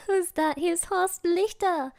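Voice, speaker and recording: A woman's voice: very high voice, slow pace, vocal fry. A woman from Germany, a streamer in casual chat who keeps breaking into laughter. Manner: giggly, often breaking into laughter.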